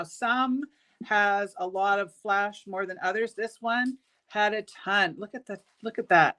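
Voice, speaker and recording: Broadcasting indoors from her jewelry shop studio, this woman runs a relaxed live-stream bead show in a sharp-toned, mid-range voice. Her talk wanders, peppered with ums and false starts, and her enthusiasm for the beads comes through.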